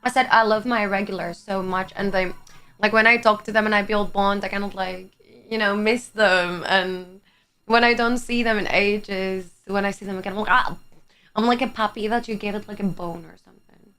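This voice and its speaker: A woman's voice: mid-range voice, fairly even intonation, moderate pace, fairly bright tone, smooth. A young woman from Greece whose first language is Greek, chatting with her live chat on a stream. She is chatty, laughs often and swears casually. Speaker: livestreamer. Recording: faint music behind the voice.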